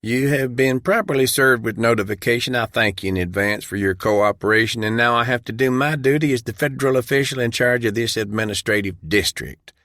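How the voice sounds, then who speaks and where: A man voicing a smooth, commanding male federal official who speaks in a cold, formal way. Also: medium pitch, a little fast, hardly any pauses, fairly bright tone, no echo, studio quality, pitched above the performer's own voice, close to an everyday voice.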